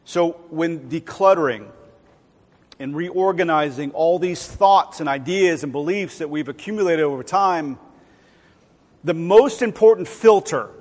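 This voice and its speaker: A man's voice: fairly high pitch, unhurried, darkish tone. A man preaching a sermon in a conversational way, acting out quoted voices now and then. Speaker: pastor. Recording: long hall reverb.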